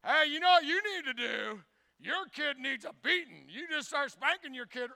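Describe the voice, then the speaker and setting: Guy preaching a sermon, really high and sharp voice, folksy, acts out little scenes and stumbles over his words. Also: expressive, moderate pace, vocal fry. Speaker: pastor.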